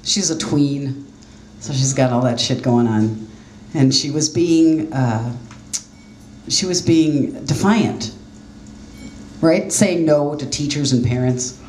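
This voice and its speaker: Her voice is very deep and darkish, taking things slowly with frequent pauses over slight background noise. The middle-aged comic works a small jazz club stage before a laughing crowd, spinning self-deprecating, conversational stories with quoted voices, captured with roomy club sound and faint ambience.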